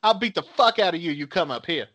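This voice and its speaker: A man's voice: on the high side, expressive, quick pace, dry recording. A man voicing a furious, foul-mouthed woman threatening someone over the phone. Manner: cursing, threatening, shouting.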